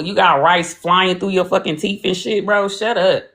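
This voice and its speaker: A woman's voice: lowish voice, expressive, slow, a bit bright. A woman from Los Angeles hosting a livestream, talking in a profane, combative and mocking way. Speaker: livestream host. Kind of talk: heated casual livestream talk.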